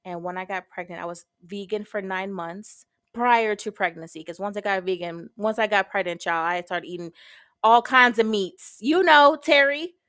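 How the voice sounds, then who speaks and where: A woman's voice: mid-range voice, normal speed, fairly bright tone, no room sound, clean studio sound. A woman guest on a podcast telling a personal story frankly and expressively, casually swearing and acting out her own past thoughts.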